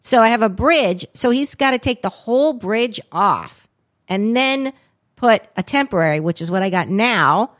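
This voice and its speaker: A woman's voice: a little high, lively intonation, moderate pace. A woman co-hosting a podcast, telling a rambling story in casual chat, dropping swear words and lots of fillers. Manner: chatty, profane, rambling with many "like"s. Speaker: podcast co-host.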